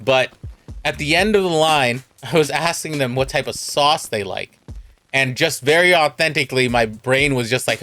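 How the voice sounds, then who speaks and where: A man's voice: fairly high pitch, normal speed, sharp tone, faint music behind. Laid-back Californian man telling a story. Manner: rambling, self-mocking, laughs a lot. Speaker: streamer. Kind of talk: casual storytelling on stream.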